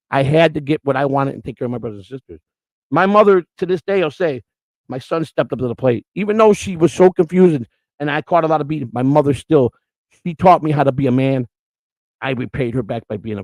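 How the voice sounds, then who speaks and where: With a medium pitch and a darkish tone, a middle-aged man from Chicago hosts his podcast, telling his own story fast, bluntly and emotionally, and cursing often. The voice is gravelly and full of fry, and the sound is close and dry, free of room echo.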